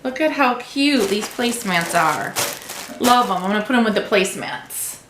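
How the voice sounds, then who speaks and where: A woman's voice: mid-range voice, expressive, normal speed, roomy sound, background noise. A woman vlogger unboxing a subscription box at home, gushing over each item and cooing to her cat. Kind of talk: casual unboxing chat.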